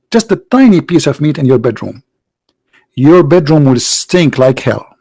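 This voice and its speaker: A man's voice: fairly high pitch, darkish tone, dry recording, low-quality recording. A man hosting a livestream debate, mocking and sarcastic, firing off rhetorical questions in non-native English.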